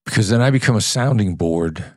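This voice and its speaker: A man's voice: on the low side, lively intonation, brisk, a little mellow, no room sound, clean studio sound. A man, a former negotiator, explaining ideas in a conversational podcast interview, sometimes acting out different tones of voice. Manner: earnest and explanatory, acts out tones of voice to illustrate.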